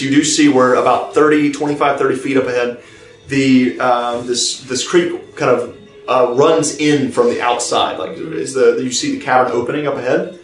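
A man narrating as game master of a tabletop game, pausing and restarting as he describes scenes. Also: mid-range voice. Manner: halting, many fillers and restarts while describing scenes. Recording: roomy, distant mic, faint music behind.

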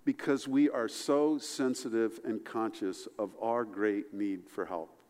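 A man preaching a sermon as pastor, animated, his voice climbing high for emphasis and falling low and soft. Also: a little slow, long reverb tail.

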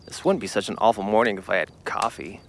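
A woman's voice: mid-range voice, sing-song, takes it slowly, a bit bright, a little hiss or hum. A woman voicing a nerdy young man who pleads eagerly. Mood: grumbling.

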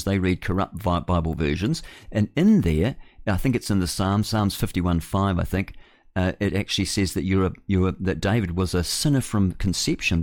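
A man's voice: lowish voice, darkish tone, dry recording, studio quality. A man with a New Zealand accent hosting radio talk, preaching in a rambling, earnest way with many restarts. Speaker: radio host.

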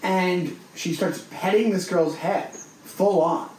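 A man co-hosting a casual podcast, telling a long story in an animated way and acting out the voices of the people in it. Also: sits high, takes it slowly. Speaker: podcast co-host. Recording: echoey room with faint noise.

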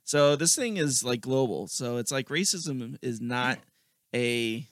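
A man's voice: medium pitch, lively intonation, slow pace, a bit bright, no echo, clean studio sound. A man co-hosting a podcast in casual chat, giving blunt, opinionated takes. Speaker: podcast co-host.

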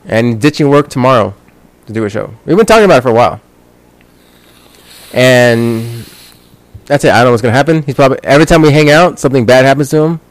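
A man co-hosting a podcast in loose, casual chat. He rambles from one thought to the next, jokes and swears freely, and his voice sits at a middling pitch. The sound is dry and close, with almost no room around it. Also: quick pace, pauses often, no room sound. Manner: rambling, joking, swears often. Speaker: podcast co-host.

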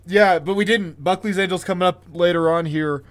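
A podcast co-host with an unusually high voice for a man. He rants in casual chat with lively, profane energy, swinging from grumbling to excited outbursts. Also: brisk. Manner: animated, profane ranting.

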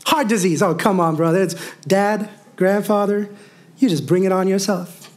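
A man preaching a sermon as a pastor, calling out to his congregation, mixing humor and asides, and rising to near-shouting on his declarations. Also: high-pitched, normal speed. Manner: preaching with call-and-response asides and wry humor.

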